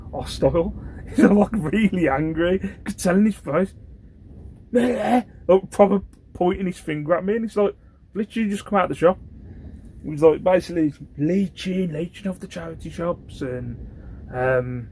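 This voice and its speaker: A man's voice: on the high side, breathy edge. Rambling British man telling a story. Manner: animated, rambling, often asks "you know what I mean". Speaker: host, online reseller. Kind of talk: casual storytelling chat.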